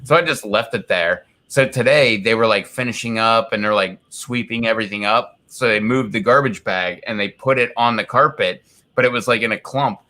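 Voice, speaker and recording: Man, live streamer, casual home chat, lowish voice, sharp tense tone, rambling with fillers. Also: moderate pace. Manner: rambling storyteller, many fillers and "like"s. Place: home, indoors.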